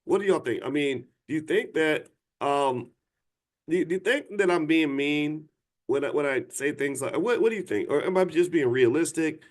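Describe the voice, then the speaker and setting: A man's voice: on the high side, lively intonation, normal speed. Blunt, insistent man hosting a live talk. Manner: many restarts, asks viewers to respond. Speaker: host. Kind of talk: livestream talk to an audience.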